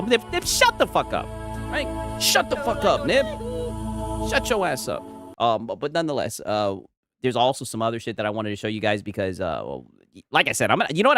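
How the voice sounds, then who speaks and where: A man's voice: mid-range voice, sing-song, fairly quick, a bit bright. A man streaming casual commentary, rambling and mocking, tagging lines with "right?". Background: music playing.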